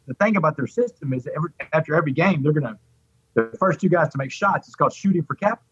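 A man's voice: a little high, slightly rough, no room sound. A man from Texas, telling a personal story as an interview guest and acting out the voices of others. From Port Arthur, Texas. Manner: animated, acts out quoted voices. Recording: dull lo-fi dry audio.

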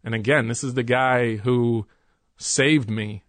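A man as an interview guest, candidly recounting a workplace conflict in an earnest, halting way with many restarts. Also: medium pitch, steady tone, a bit bright, no room sound.

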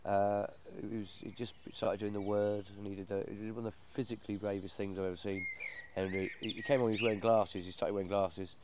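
A man telling an animated anecdote, acting out quotes and laughing as he goes. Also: on the low side, quick pace, few pauses, a little hiss or hum. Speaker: performer. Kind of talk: anecdote in casual chat.

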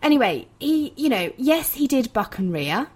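A woman in her thirties hosting a conversation and telling a story with lively, emphatic outbursts. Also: sits high, normal speed, husky. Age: 30s. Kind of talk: conversational interview.

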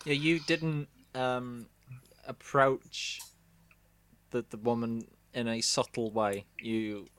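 A man's voice: mid-range voice, fairly even intonation, takes it slowly, a bit bright, clean tone. A man co-hosting a podcast, chipping in with dry, teasing remarks during the story. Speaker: co-host. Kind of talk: casual chat.

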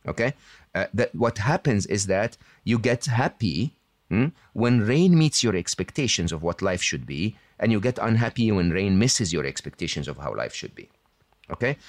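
Lowish man, teacherly with tag questions. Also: dry recording. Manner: checks in with "hmm?", "okay?" and "right?" tags; self-assured, teacherly. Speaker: podcast guest. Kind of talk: explaining to an interviewer.

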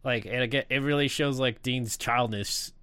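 A man in a casual podcast chat who talks bluntly and swears without holding back. His voice sits in a middle pitch, and the recording is dry and close. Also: fairly even intonation, moderate pace, bright, forceful tone, smooth, no room sound. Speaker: podcast panelist. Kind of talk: casual film discussion.

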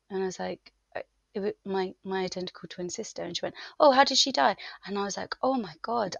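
Woman with a low gravelly voice, halting, emotional, keeps restarting, dry close sound. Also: dry recording. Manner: halting, searching for words, emotional. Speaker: guest. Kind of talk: emotional interview talk.

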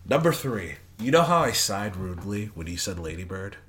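Lively, bright-voiced young man. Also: low-pitched, fairly quick, a little hiss or hum. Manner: playful, jokey, animated. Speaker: podcast co-host. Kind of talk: casual chat.

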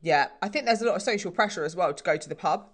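A woman's voice: fairly low pitch, lively intonation, very fast. A young woman chatting casually as a podcast co-host, rambling and self-deprecating, with many filler words. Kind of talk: casual chat.

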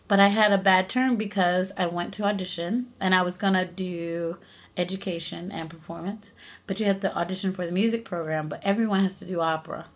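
A woman's voice: on the low side, brisk. A young woman from the United States, an actress and singer, chatting in an interview and telling stories with frequent laughter. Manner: animated storytelling, laughs often. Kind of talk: casual interview chat.

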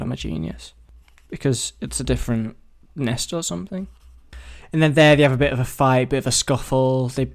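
A man hosting a solo podcast, rambling and self-deprecating as he thinks aloud with many restarts. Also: mid-range voice. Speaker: podcast host. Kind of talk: solo casual podcast brainstorming.

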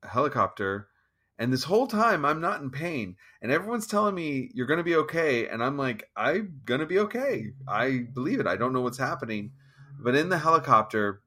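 A man telling a personal story in an interview, halting and restarting as he acts out his own thoughts. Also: medium pitch, big pitch swings, pushed and bright. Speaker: guest musician. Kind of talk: conversational storytelling.

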